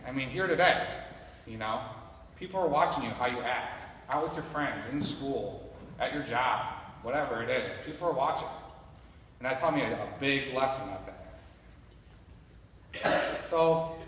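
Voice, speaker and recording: A man's voice: medium pitch, fairly bright tone, far from the mic, a little hiss or hum. A man giving a motivational talk to a live audience, telling a personal story in an earnest, conversational way and speaking directly to the listeners. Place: large hall with an audience. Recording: echoey hall recorded from afar.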